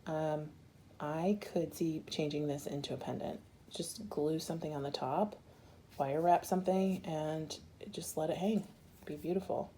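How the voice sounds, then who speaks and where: A woman from Arizona chats through an unboxing in an easy, gushing way, often breaking into giggles. Her voice sits a little low and sounds mellow and warm, with a faint hiss behind her. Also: steady tone, unhurried. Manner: gushing, giggly, talks to viewers. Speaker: bead crafting vlogger. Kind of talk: casual unboxing chat.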